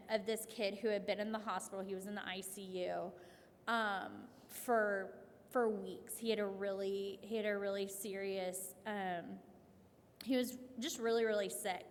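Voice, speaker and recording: A woman clinician giving a conversational workshop talk to families, telling stories in a lively way with frequent restarts. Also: a little high. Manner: conversational, animated storytelling with many restarts and "like". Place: event hall. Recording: long hall reverb.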